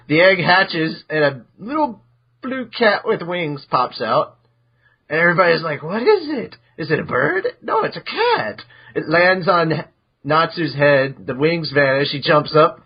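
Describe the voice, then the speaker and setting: A man casually recapping episodes on a podcast, animated and chatty, with a voice pitched a little high. He sometimes jumps into squeaky character voices as he tells it. The recording sounds dull and lo-fi. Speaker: podcast host.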